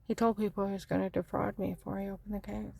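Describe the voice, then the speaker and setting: A woman's voice: mid-range voice, little pitch movement, fast talker, gravelly, darkish tone, breathy edge, no room sound. A woman giving a rambling, fragmented personal testimony.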